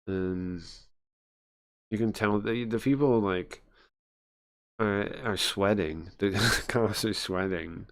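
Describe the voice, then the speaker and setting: Low-voiced man narrating a game. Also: slow pace, long pauses. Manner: rambling, chatty, filler-heavy. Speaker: game streamer. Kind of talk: casual game read-through narration.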